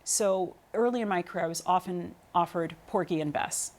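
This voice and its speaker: A female opera singer in her thirties, guesting in an interview conversation, recounts her singing career through animated stories thick with ums and restarts. She speaks at normal speed with a fairly low pitch, and there is slight background noise.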